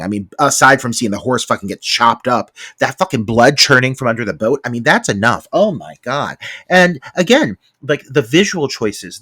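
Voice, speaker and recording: A man co-hosting a podcast, reacting to a film with expressive, profane, campy commentary. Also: medium pitch, dry recording, clean studio sound. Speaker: podcast co-host. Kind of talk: casual chat reviewing a film.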